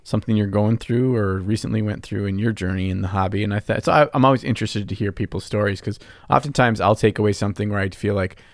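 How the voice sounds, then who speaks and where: A man's voice: on the low side, steady tone, quick pace, few pauses, no room sound, clean studio sound. A man co-hosting a casual hobby podcast, rambling and teasing his co-host. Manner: rambling, teasing, self-deprecating.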